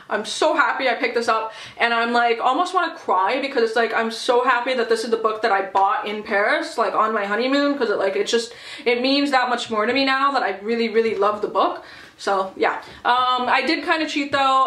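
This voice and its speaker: Young woman book vlogger, bright-voiced and gushing, chatty casual review in a roomy space. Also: fairly high pitch, normal speed. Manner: gushing, chatty, many fillers and "like". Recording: echoey room.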